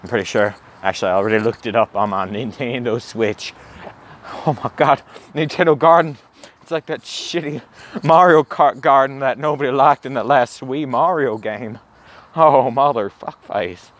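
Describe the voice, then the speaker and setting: A man doing a comedic walking vlog outdoors, gasping and swearing in awestruck excitement. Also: medium pitch, normal speed. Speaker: comedic vlogger in character. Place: outdoors, walking around a campus. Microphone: handheld camera.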